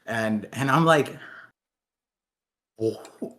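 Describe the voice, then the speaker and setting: A man's voice: mid-range voice, a bit bright. A man in his thirties co-hosting a podcast, rambling and joking with frequent laughter. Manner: laughing, rambling, quick jokey asides. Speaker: podcast co-host. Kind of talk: casual chat.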